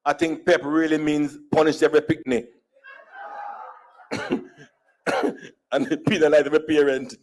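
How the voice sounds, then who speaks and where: A Jamaican man with a somewhat high voice tells stories for laughs, moving easily between standard English and Jamaican Creole turns of phrase. He speaks as a conference speaker with a Jamaican accent. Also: little pitch movement, unhurried, long pauses, darkish tone. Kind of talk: humorous storytelling speech. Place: conference hall.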